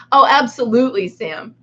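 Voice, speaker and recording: A woman's voice: on the high side, fairly bright tone, lo-fi sound, a little hiss or hum. A woman hosting a casual live chat with viewers from a room at home, giggly and self-mocking as she talks. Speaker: live-stream host.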